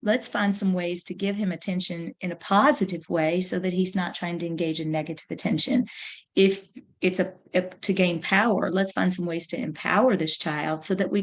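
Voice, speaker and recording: A woman lecturing in an easy, conversational way, wandering into stories and doubling back with ums and restarts. Her voice sits a little low for a woman, and she talks at an ordinary clip. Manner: conversational, anecdotal, with fillers. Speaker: counselor education lecturer. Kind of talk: recorded webinar lecture.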